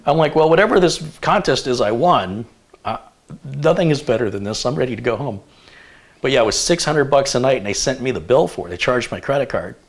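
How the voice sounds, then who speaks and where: A man's voice: mid-range voice, animated, a little fast. A man from the United States hosting a live tech stream, chatting casually and telling long rambling stories. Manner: rambling anecdotal storyteller.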